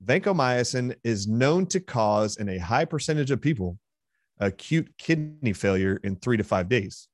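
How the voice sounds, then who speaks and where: A man's voice: mid-range voice, lively intonation, normal speed, dry recording, clean studio sound. A man being interviewed as a guest, retelling a heated exchange with force and emphasis. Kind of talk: interview storytelling.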